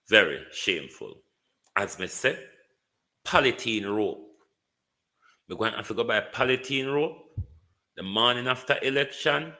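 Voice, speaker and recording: A man's voice: fairly low pitch, sharp tone. A man with a Jamaican accent hosting a live stream, giving casual political commentary, greeting viewers by name and repeating words for emphasis.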